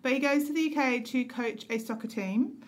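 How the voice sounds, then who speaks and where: A woman's voice: high-pitched, a little fast. A woman, a podcast co-host chatting casually about TV shows, rambling with lots of fillers and asides.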